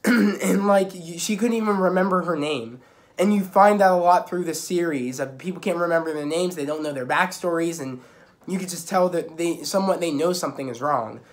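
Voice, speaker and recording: A man's voice: a little high, moderate pace. A young man giving a casual spoken recap of a TV episode, rambling with many restarts and filler words. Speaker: video reviewer.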